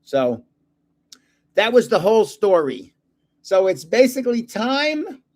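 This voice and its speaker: An older man, a grandfather hosting his own channel, chatting casually and telling rambling stories with plenty of pauses. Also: high-pitched, very animated, darkish tone. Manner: rambling storyteller with fillers. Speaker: host of a card channel. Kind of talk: casual livestream chat.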